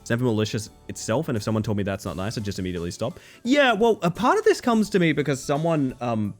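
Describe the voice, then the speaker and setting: A man's voice: medium pitch, sing-song, fast talker, faint music behind. Chatty swearing male streamer. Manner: candid, chatty, swears, restarts when thinking aloud. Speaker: game streamer. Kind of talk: casual live-stream chat.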